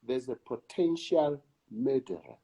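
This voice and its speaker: A South African man, an actor and director, talking in an interview in a slow, emphatic way and repeating words for weight. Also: medium pitch, very animated, mellow, husky. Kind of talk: reflective conversation.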